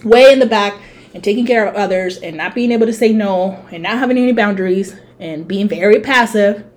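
A woman's voice: mid-range voice, a little fast. A young adult woman co-hosting a podcast, chatting casually, swearing and acting out scenes as she tells stories. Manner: animated storyteller, swears, mimics her mother. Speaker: podcast co-host.

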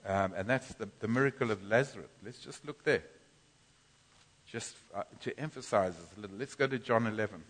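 A man preaching a sermon in a church, teaching from scripture with animated bursts of loud groaning. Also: on the low side, fairly quick. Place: church hall. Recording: long church reverb.

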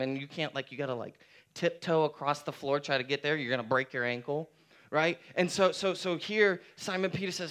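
A male pastor delivering a sermon in an easy, conversational manner, hammering home his points by repeating key phrases. His voice sits slightly higher than most men's and comes through smooth and clear. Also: fairly quick, a bit bright.

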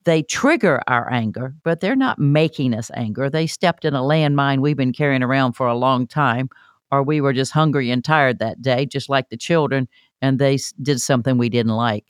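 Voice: mid-range voice, normal speed, dry recording, studio quality. A podcast host asking questions and reflecting on what the guest says in a conversational interview. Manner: reflective, summing up the guest's points.

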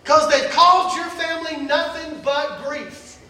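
A male pastor preaching a sermon with passion, building to near-shouts and dropping to hushed asides. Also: very high voice, steady tone, measured pace. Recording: echoey hall, heard from a distance.

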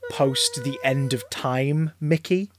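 A man chatting casually as a podcast co-host, an excitable storyteller who rambles, stammers and restarts his sentences. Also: medium pitch, slow, crowd noise. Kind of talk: casual chat.

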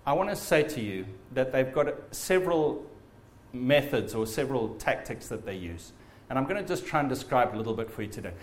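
A man preaching a sermon in an earnest, animated way. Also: mid-range voice, fairly quick.

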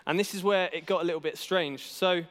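A man's voice: high-pitched, a little fast, fairly bright tone. A young man, telling a self-deprecating story in a casual church talk, with many fillers and restarts. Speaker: youth worker giving a church talk. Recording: hall reverb.

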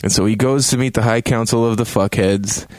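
A man's voice: fairly low pitch, steady tone, fairly quick, no room sound, studio quality. A man hosting a game review show, rambling and joking with plenty of swearing.

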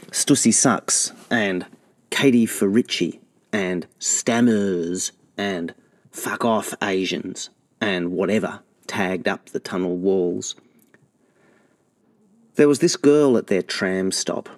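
A low-pitched man reads from his own novel, steady and measured. His delivery is intimate and unhurried, letting the lines breathe. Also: no room sound.

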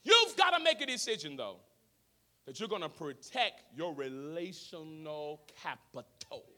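A man preaching a sermon as pastor of a church, swinging from shouted lines to low, quiet talk. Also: big pitch swings, a little slow. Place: church sanctuary.

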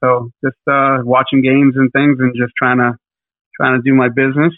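A man's voice: mid-range voice, little pitch movement, moderate pace, dry recording. Rambling man over a tinny phone line. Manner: rambling, hesitant, many fillers. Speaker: podcast co-host. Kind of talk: casual podcast chat.

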